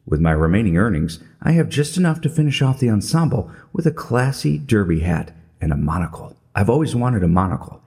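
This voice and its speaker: Deep-voiced wry middle-aged male narrator. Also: sing-song, a little fast, hardly any pauses, a little mellow. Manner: wry, self-mocking storytelling. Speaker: podcast narrator. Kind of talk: scripted comedic narration.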